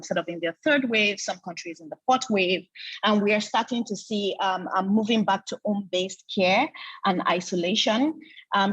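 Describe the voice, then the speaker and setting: A woman moderating an online panel and passing questions to the speakers, halting and full of hesitations, on a video-call mic. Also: medium pitch, husky, no room sound, highs cut off. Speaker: webinar moderator.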